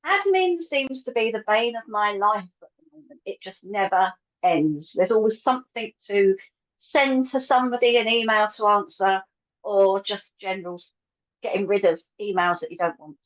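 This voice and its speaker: A woman's voice: medium pitch, lively intonation, moderate pace. A woman co-hosting a live morning chat show, chatty and greeting viewers by name. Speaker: co-host and medium of a live psychic show. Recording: dull lo-fi sound.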